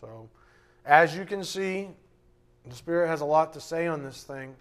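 Fiery preaching man, slightly high voice. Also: unhurried. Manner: fiery, emphatic preaching, shifting to a quiet hushed prayer. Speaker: pastor. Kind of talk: sermon. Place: church.

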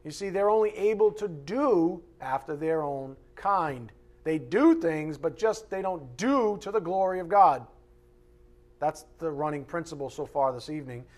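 A man preaching an expository sermon, animated, mocking the voices of his opponents and shouting for emphasis. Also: on the high side, measured pace.

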